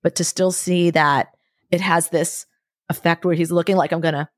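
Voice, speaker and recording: A woman in her forties talking as a podcast guest, telling candid stories with lively acted-out quotes and casual swearing. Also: lowish voice, normal speed, dry recording, clean studio sound. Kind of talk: candid conversational storytelling.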